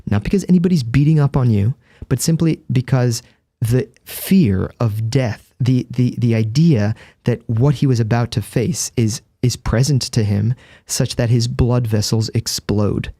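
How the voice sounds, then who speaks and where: A man's voice: mid-range voice, unhurried, dark tone, dry recording. A man, a Catholic priest and guest, explaining in earnest, vivid storytelling with a close studio microphone. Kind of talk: conversational explanation.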